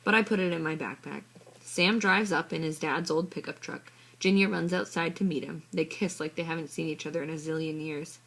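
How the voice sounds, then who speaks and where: A woman reading a children's story in the first person, with a soft, even, husky voice. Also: sits low, brisk. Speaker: audiobook reader. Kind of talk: storybook narration.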